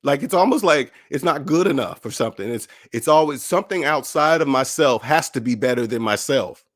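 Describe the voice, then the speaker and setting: A man's voice: mid-range voice, a little fast. A man hosting his own personal finance channel, talking casually and motivationally, acting out other people's voices in his stories. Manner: animated, acts out others' voices in quotes.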